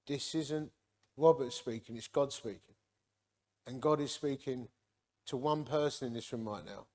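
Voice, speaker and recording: A man quoting a preacher who speaks solemnly as if God is talking, in a hushed, grave, commanding way. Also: medium pitch, measured pace, pitched below the performer's own voice, close to an everyday voice.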